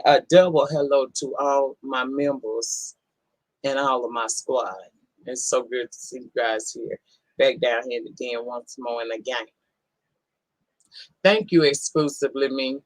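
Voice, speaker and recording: A woman's voice: deep voice, dry recording, rough recording. A woman hosting a casual live-stream, greeting viewers one by one in a folksy, affectionate way. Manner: folksy, affectionate, calls people honey and baby. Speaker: livestream host.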